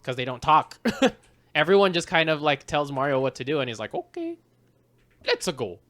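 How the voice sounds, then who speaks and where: A man co-hosting a casual movie podcast, talking loosely, swearing now and then, and slipping into quick character impressions. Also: on the high side, fairly bright tone, slight background noise. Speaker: podcast co-host. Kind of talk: casual film review chat.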